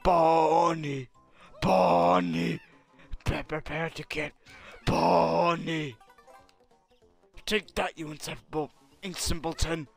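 Man doing gravelly hot-headed Vegeta. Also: a little high, animated, unhurried, a bit bright, soft background music, exaggerated voice. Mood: brash, panicky. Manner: brash and insulting, yelping in panic. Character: arrogant proud alien prince warrior, adult male, hot-tempered. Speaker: game player. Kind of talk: comedic let's-play voice parody.

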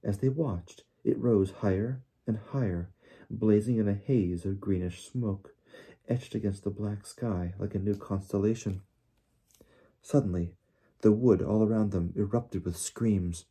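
Husky, dark-voiced male audiobook narrator. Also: on the low side, measured pace. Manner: steady storytelling. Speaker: audiobook reader.

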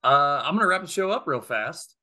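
A man hosting a casual podcast, upbeat and quick to laugh as he wraps up the show. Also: a little high, animated, pushed and bright. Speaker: podcast host.

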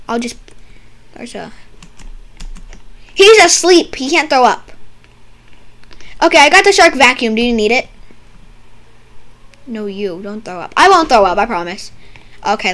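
A young woman playing a doctor in a game roleplay, silly and teasing, with sudden loud outbursts. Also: a little high, lively intonation, normal speed, long pauses. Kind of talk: playful game roleplay banter.

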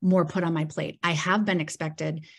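Woman guest, lower register, chatty storyteller who keeps saying "like" and mimics what people said. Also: moderate pace. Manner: animated storyteller who acts out quoted dialogue and leans on "like". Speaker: podcast guest. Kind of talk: casual storytelling interview.

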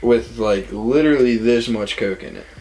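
A man's voice: medium pitch, normal speed, dark tone, poor audio. A young man casually telling rambling party stories, full of "like" and acted-out quotes. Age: young adult. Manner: rambling, says "like" a lot, acts out quotes. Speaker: storytelling guest.

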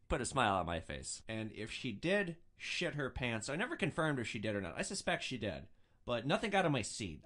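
A man's voice: medium pitch, a bit bright. A young man hosting a podcast, telling stories casually, with a profane, wry streak. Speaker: podcast host. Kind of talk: casual storytelling.

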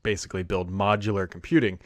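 A man's voice: low voice, fairly even intonation, quick pace, no room sound. A man co-hosting a casual tech podcast, talking in a loose, wry way with dry jokes. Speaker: podcast co-host.

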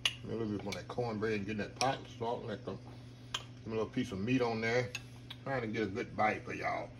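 A man with a lowish, creaky voice talks briskly over a noisy background. He's a home cook chatting in a casual cooking video as he cooks at home, folksy in style and calling his viewers "y'all."

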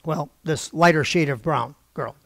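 A man's voice: on the high side, unhurried, gravelly, fairly bright tone, dry recording, studio quality. An older man preaching in a storytelling style, acting out quoted voices with wry asides.

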